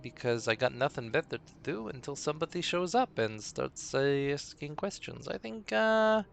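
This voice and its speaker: His voice on the high side and gravelly, with lively intonation, a dungeon master chats casually on his live stream, talking to himself in between pauses as he waits for viewers. There's a bit of hiss or hum.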